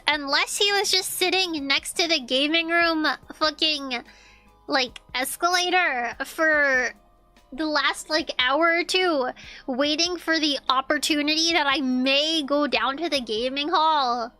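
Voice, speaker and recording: Young woman streamer, high bright voice, animated and profane casual storyteller, faint music under her. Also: measured pace. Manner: animated, swearing, repeats lines, laughs often.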